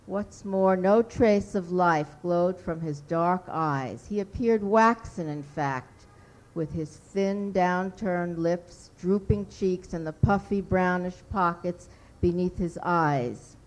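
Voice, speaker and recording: Slow, deliberate woman reading her story. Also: on the low side, poor audio. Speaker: writer reading her own fiction.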